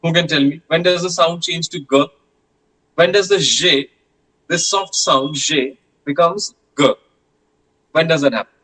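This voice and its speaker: A man's voice: on the high side, measured pace, pauses often, a bit bright, poor audio. A man teaching a French class, patiently repeating questions and sounds with many hesitations.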